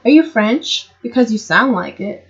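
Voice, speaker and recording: A woman's voice: a little high, expressive, moderate pace, highs cut off, voice pushed up, close to an everyday voice. A woman reading aloud and voicing a young peasant girl who speaks bluntly.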